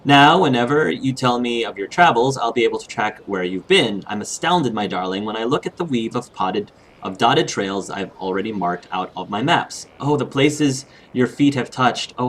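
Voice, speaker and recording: Man playing a fond, doting mother writing home, soft and unhurried. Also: mid-range voice, close to an everyday voice. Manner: slow, tender letter reading.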